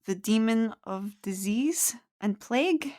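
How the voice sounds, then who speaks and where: A woman voicing a fading spirit of a lover in a tabletop game, speaking softly. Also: fairly high pitch, animated, slow, voice pushed up. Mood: urgent.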